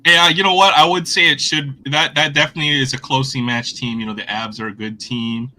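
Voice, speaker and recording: Bright-voiced man hosting sports chat. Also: medium pitch, steady tone, a little fast, a little hiss or hum, low-quality recording. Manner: friendly, rambling, lots of fillers and restarts. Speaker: host. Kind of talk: casual sports chat on a livestream.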